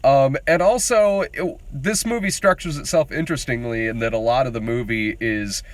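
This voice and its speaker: A man's voice: medium pitch, moderate pace. A man chatting casually as co-host of a movie review show, swearing freely and laughing often. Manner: animated, profane, laughs often.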